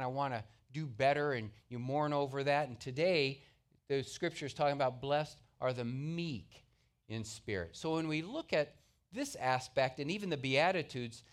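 A man's voice: a little high, normal speed. A middle-aged male pastor preaching a sermon in an earnest, conversational way, telling stories along the way.

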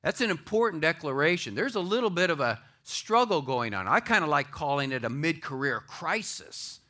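A man preaching a sermon to a church audience, swinging between loud declarations and hushed asides. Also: a little high, big pitch swings, moderate pace. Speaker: pastor.

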